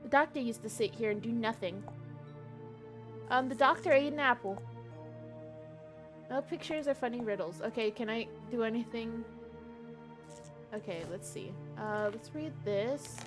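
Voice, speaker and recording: A woman's voice: fairly high pitch, measured pace, long pauses, over music. A woman streaming a game live, chatting casually and reading game text aloud.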